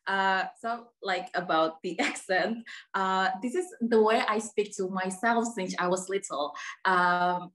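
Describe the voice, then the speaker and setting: A woman tells a personal story to her teacher. She hesitates often and fills pauses with ums and uhs. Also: mid-range voice, a bit bright. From Indonesia. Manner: hesitant, many fillers. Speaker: workshop participant. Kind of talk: personal sharing.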